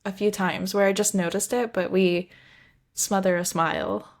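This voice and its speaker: A woman's voice: medium pitch, flat delivery, normal speed. A young woman co-hosting a casual book podcast, chatty and rambling, sometimes tripping over her words. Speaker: podcast co-host. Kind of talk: casual book-discussion chat.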